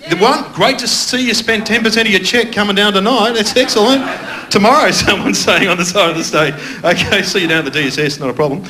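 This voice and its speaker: A man's voice: sits high, quick pace, pushed and bright. Australian man doing loose stand-up. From Melbourne, Australia. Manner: loose, self-mocking banter with the audience. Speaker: stand-up comedian. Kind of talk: stand-up comedy set. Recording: noisy live club recording.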